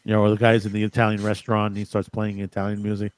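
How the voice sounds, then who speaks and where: Male podcast co-host, low voice, halting casual talker, dry mic. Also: monotone, smooth, no room sound. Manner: halting, with fillers and restarts. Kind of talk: casual chat.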